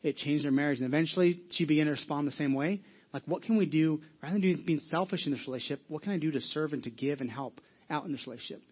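A man's voice: on the high side, fast, slightly rough, dull audio. A man preaching a sermon to his church in a conversational way, often checking in with the room. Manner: conversational, asks the audience questions, many restarts. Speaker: pastor. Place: church hall with audience.

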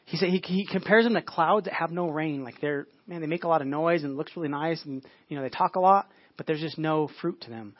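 A man's voice: a little high, brisk, few pauses, no room sound, muffled recording. A man delivering a sermon as pastor, in a conversational preaching manner, with frequent restarts and casual asides.

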